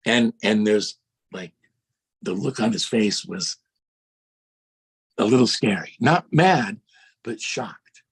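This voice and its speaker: Husky man telling animated stories. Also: fairly low pitch, slow, long pauses. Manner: lively, acts out voices in his anecdotes. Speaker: guest record producer. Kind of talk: animated storytelling. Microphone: video call.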